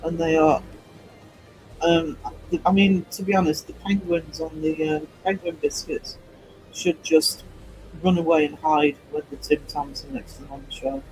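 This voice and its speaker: A man's voice: on the high side, steady tone, normal speed, a little mellow, faint music behind, rough recording. A man, an artist chatting casually and rambling to his stream viewers as he works, laughing easily.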